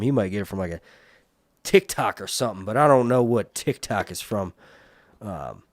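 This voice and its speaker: A man's voice: on the low side, lively intonation, brisk, dry recording, studio quality. A man hosting a casual live stream, rambling and joking while he reads viewer comments. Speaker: live stream host reviewing a TV series.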